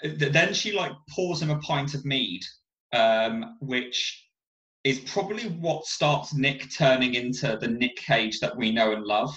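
Bright-voiced man chatting about a film. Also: medium pitch, expressive, a little slow, reverberant, muffled recording. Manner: rambling, many fillers and restarts. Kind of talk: casual film discussion.

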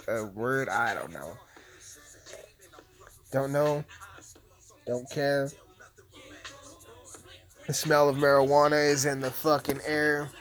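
An American man hosts a podcast while playing a video game, chatting casually with constant swearing and crude jokes. His voice is medium in pitch and a bit bright.

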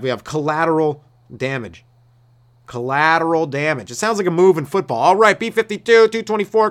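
A male comedian hosting a solo podcast, rambling and cursing through a loose rant, laughing at his own jokes and slipping into quick mock voices. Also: fairly high pitch. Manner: slips into quick mock voices for quoted people.

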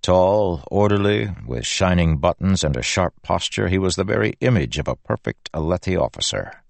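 A man reading a fantasy audiobook in a steady, grave manner. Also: sits low, moderate pace, creaky, dry recording. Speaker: audiobook narrator. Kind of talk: scripted fantasy narration.

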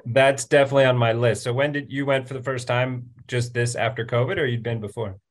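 A man's voice: medium pitch, steady tone, a little fast. A man hosting a podcast, asking loose, casual follow-up questions. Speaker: podcast host.

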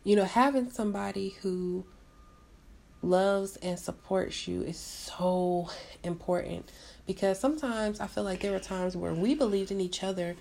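Young woman chatting on a podcast, animated storyteller, a little gravelly. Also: medium pitch, unhurried. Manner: animated storyteller, acts out quotes. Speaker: podcast co-host. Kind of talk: casual chat with her husband.

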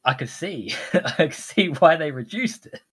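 A man's voice: on the high side, animated, moderate pace, a bit bright, husky. A British man from Britain, a podcast guest chatting casually and telling anecdotes with a laugh. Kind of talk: casual chat.

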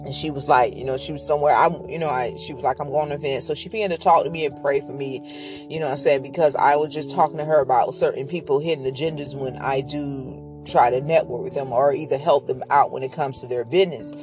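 This woman's voice is deep, a bass voice with a steady tone, and she talks quickly over background music. On her own podcast she tells a personal story in a chatty, rambling way, full of fillers and frequent mentions of God.

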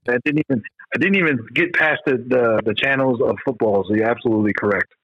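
A man's voice: medium pitch, fast, highs cut off. A man co-hosting a casual sports podcast, getting worked up as he acts out his own reactions to games. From Georgia, US. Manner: excitable, acts out game reactions. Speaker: podcast co-host.

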